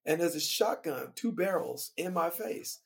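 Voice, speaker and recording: A man who plays in a band, telling a story from the road as a guest on a podcast, lively and laughing as he recounts it. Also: on the high side, a little slow, gravelly. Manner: animated, vivid retelling with laughter. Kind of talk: casual storytelling.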